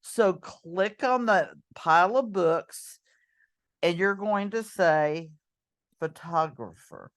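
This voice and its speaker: Slow-talking woman teacher, low voice. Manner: chatty, with many ums and self-corrections. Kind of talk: screen-recorded lesson walkthrough.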